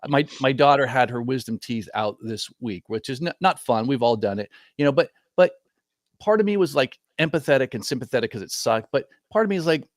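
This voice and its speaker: A man's voice: mid-range voice, animated, a little fast, dry recording, studio quality. A middle-aged man, a guest trader, talking casually in a reflective, rambling way that corrects itself often. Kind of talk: casual chat.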